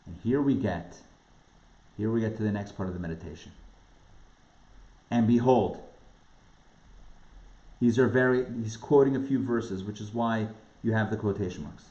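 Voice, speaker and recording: A man from the New York area, a rabbi teaching a class with animated, emphatic delivery and repeated words for stress. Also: lowish voice, moderate pace, long pauses. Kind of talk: lively lecture on a spiritual text. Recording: roomy, dull lo-fi sound.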